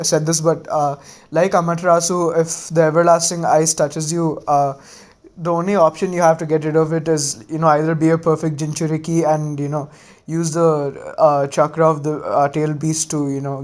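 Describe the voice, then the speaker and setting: A man casually retelling a fan story, rambling with lots of filler words and restarts. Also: a little high.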